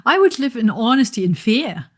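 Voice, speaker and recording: A woman's voice: on the high side, big pitch swings, moderate pace. Woman hosting a podcast interview. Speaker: podcast host.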